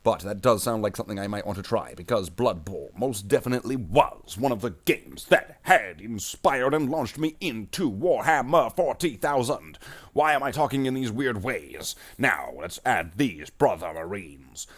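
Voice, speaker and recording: A man's voice: on the low side, sing-song, moderate pace, hardly any pauses. A man streaming himself painting miniatures, chatting casually and jokily in a space marine persona and calling his viewers brothers. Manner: rambling and jokey, calls viewers "brother Marines".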